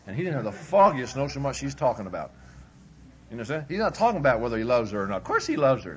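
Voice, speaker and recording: Man, preacher, folksy workshop talk, humorous, mid-pitched voice, faint hiss behind. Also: big pitch swings, quick pace. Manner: humorous, conversational, acts out both spouses. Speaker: preacher leading a marriage workshop.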